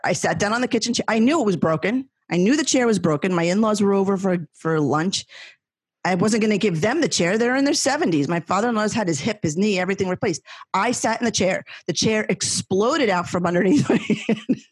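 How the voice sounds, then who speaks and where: Middle-aged woman, guest, husky voice, dry close sound, animated rambling storyteller. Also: medium pitch, no room sound. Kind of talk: casual chat.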